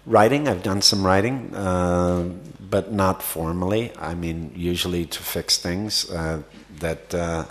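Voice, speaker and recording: At a festival Q&A, a deep-voiced man answers audience questions about acting. He speaks slowly with hardly any pauses, rambling through many fillers and restarts.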